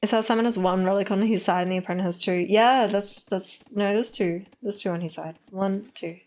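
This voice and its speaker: A woman's voice: mid-range voice, steady tone, a little fast, darkish tone. A woman casting a strategy game live on stream, playful and teasing, with frequent giggles.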